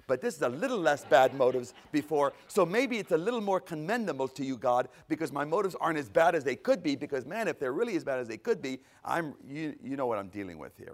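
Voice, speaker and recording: A man preaching a conversational sermon, animated, asking rhetorical questions and answering them himself. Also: on the high side. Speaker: pastor.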